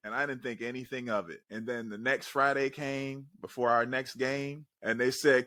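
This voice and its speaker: Animated motivational man, dry close mic. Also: mid-range voice, moderate pace, no room sound. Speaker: podcast co-host. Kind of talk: casual chat.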